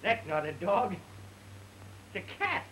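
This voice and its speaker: A man's voice: sits high, very animated, measured pace, fairly bright tone, slight background noise, exaggerated voice, poor audio. A man playing a blunt, grumpy straight man in a 1930 film comedy sketch, curt in reply.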